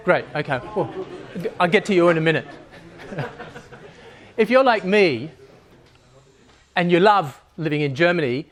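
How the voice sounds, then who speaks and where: A man giving a humorous talk to a live audience, joking and conversational, laughing at his own lines. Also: on the high side.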